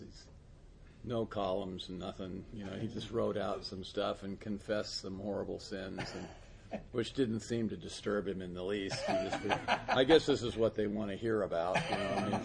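A man telling a casual story about someone he mentors, breaking into laughter again and again. He doubles up words and restarts his sentences as he goes. There is a clear hiss under the voice and clicks in the recording. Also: lowish voice. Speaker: recovery sponsor telling a story. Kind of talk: casual spoken anecdote.

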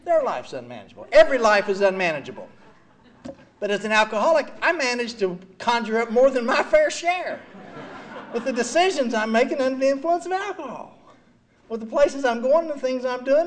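At a recovery meeting, an older man gives an animated, self-mocking personal testimony full of "you know." His pitch is extremely high.

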